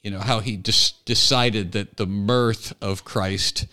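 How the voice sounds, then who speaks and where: A man hosting a comedy podcast, joking and laughing with his co-host, then reading a long quote aloud deliberately. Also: fairly low pitch, steady tone, pushed and bright. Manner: jokey, laughs often, reads aloud deliberately. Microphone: podcast microphone.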